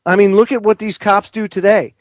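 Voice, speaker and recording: A man's voice: high voice, fairly even intonation, a little fast, dry recording, clean studio sound. A man appearing as a guest on political talk radio, speaking emphatically and with indignation.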